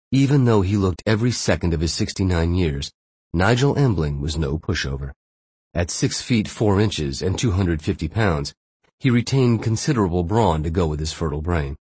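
A man narrating a thriller audiobook in a steady, measured way. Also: sits low, breathy edge, dry recording.

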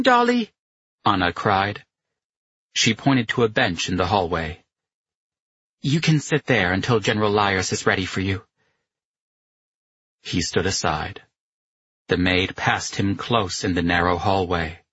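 A man reading a novel aloud as narrator, measured and even. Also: lowish voice, husky, no echo. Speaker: audiobook narrator. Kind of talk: scripted narration. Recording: dull dry lo-fi recording.

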